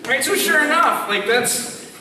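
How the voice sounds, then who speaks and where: A man in his late twenties, a youth leader giving a humorous talk, telling stories animatedly and jumping high when acting out voices. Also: expressive, measured pace, a crowd in the background. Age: late 20s. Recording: echoey hall, mic far off, background noise.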